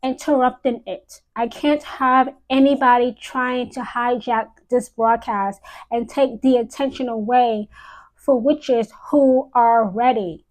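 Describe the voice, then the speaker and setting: Woman host for a live stream: slow, measured, solemn; leans on repetition. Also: fairly high pitch, fairly even intonation, darkish tone, poor audio. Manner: solemn, repeats key phrases for emphasis. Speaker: witch giving a live-stream talk.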